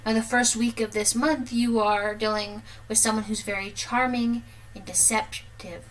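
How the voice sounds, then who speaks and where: A woman's voice: fairly high pitch, fairly even intonation, moderate pace, poor audio. A woman in her thirties giving a casual, chatty tarot reading and laughing often. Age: 30s. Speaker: tarot reader.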